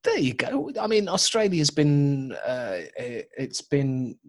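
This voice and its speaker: Rambling podcast co-host. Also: male voice, mid-range voice, sing-song, slow pace. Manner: rambling, joking, with many restarts. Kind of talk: casual chat.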